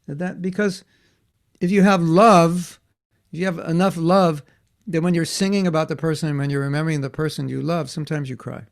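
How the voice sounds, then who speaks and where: Man, children's teacher, animated storytelling, gravelly voice. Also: on the high side. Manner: animated, acts out voices in quotes.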